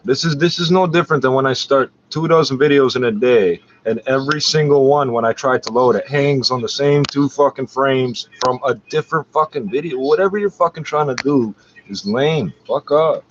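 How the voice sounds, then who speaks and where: A man's voice: medium pitch, moderate pace, a little hiss or hum. A man talking to the camera from his computer in a profane, confrontational rant, taunting and swearing at someone. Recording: dull lo-fi home recording.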